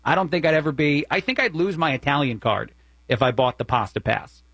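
A man's voice: fairly high pitch, brisk, a bit bright, no room sound. Opinionated New Jersey man on talk radio. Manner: opinionated, conversational, many fillers. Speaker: fill-in radio host.

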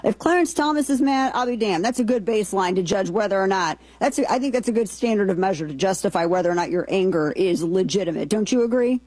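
A woman's voice: mid-range voice, fast talker, hardly any pauses, darkish tone, no room sound, low-quality recording. Emphatic woman hosting political talk. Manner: emphatic, indignant, reads quotes aloud. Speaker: political talk show host. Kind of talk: opinionated political commentary.

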